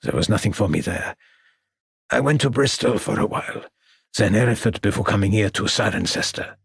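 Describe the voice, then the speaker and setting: A man's voice: fairly low pitch, animated, a little fast, vocal fry, breathy edge, dry recording, clean studio sound, heavily acted. A man reading the part of an aging, reclusive French painter who is guarded and grieving, speaking in a muttering way. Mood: sullen. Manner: muttering, guarded, then anguished.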